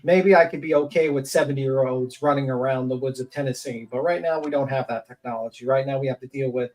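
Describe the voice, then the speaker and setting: A woman's voice: a bass voice, quick pace, darkish tone, distant mic, rough recording. A woman hosting a livestream panel, talking in a blunt, rambling and mocking way. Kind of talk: casual opinionated chat.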